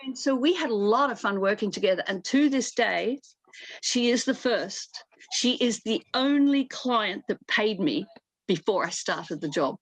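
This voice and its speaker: A woman's voice: mid-range voice, lively intonation, a little slow, breathy edge, no echo. An older woman, a costume designer, telling anecdotes as a guest in a casual interview over a video call, chatty with many restarts.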